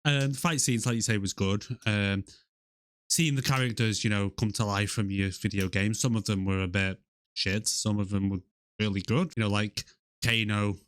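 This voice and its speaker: A man's voice: on the low side, steady tone, normal speed, fairly bright tone, clear, resonant tone, dry recording, clean studio sound. A man co-hosting a movie podcast in casual banter, laid-back, blunt and sweary. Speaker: podcast co-host.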